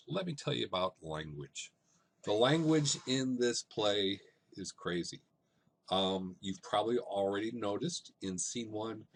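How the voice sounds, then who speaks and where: A man giving a relaxed, conversational lesson on a play, talking students through it with frequent "um"s and "right?"s. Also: sits low. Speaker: teacher. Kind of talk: classroom lecture on a play.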